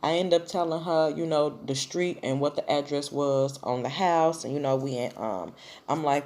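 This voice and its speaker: A woman's voice: low-pitched, normal speed, a little mellow. A woman vlogger telling a personal story in a blunt, profane, casual way.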